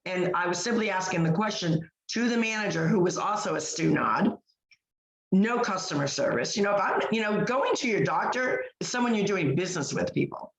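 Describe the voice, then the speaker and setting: A woman's voice: medium pitch, lively intonation, brisk. A woman co-hosting a podcast, telling a story in casual chat with emphatic delivery, full of fillers and restarts. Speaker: podcast co-host. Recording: echoey room.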